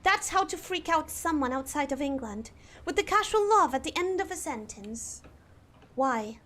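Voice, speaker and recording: A woman's voice: high voice, animated, normal speed, fairly bright tone. A woman streamer chatting while she plays a game, talking in an affected posh English accent with a prim, fussy manner. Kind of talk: gaming livestream chat.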